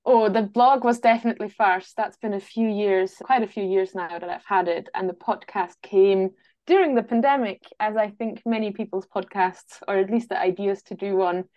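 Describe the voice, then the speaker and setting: A woman's voice: medium pitch, moderate pace, highs cut off. A woman from Austria whose accent blends a Glasgow Scottish lilt with her own, chatting easily as a guest and laughing now and then. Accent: Austrian with a Glasgow Scottish overlay. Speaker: guest, travel writer. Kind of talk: casual interview chat.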